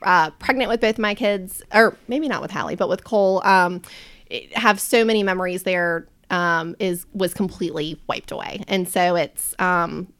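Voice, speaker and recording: A woman's voice: on the low side, normal speed, fairly bright tone, clean tone. A woman in her thirties chatting frankly as a podcast guest, laughing often. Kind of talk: casual chat.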